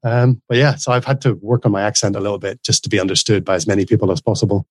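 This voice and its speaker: A man in his forties with a softened Northern Irish accent blended with Australian, talking earnestly as an interview guest in long runs with frequent restarts. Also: on the low side, steady tone, very fast, breathy edge, no room sound. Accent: softened Northern Irish, mixed with Australian. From Northern Ireland. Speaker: guest, course creator. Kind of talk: casual interview conversation.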